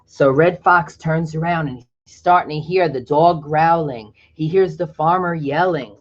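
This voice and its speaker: Slow storybook reader, stops to explain the pictures, dull lo-fi audio. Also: medium pitch. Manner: pauses to explain pictures in a chatty aside. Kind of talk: reading a picture book aloud.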